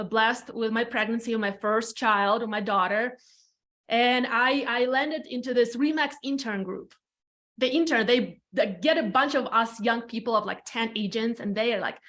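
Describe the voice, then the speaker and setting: A woman's voice: a little high, normal speed, fairly bright tone. A woman in her thirties from Latvia with a Latvian accent, telling her story as a podcast guest in a frank, chatty way, swearing casually and repeating phrases for emphasis. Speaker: podcast guest, real estate team leader. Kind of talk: candid storytelling chat.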